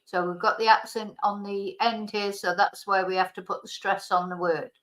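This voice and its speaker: A woman teaching fruit vocabulary in a bilingual lesson, slowly and carefully repeating each word for pronunciation. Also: mid-range voice, fairly even intonation, fairly bright tone, low-quality recording. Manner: slow, careful pronunciation drills. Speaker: language teacher.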